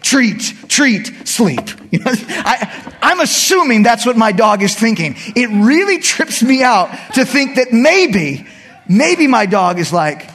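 A man preaching a sermon, retelling a scripture story as an animated, joking storyteller. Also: very high-pitched, measured pace. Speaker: pastor.

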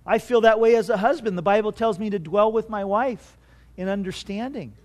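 A man's voice: high-pitched, brisk. A middle-aged man preaching a sermon as pastor, conversational and self-deprecating, often saying "you know".

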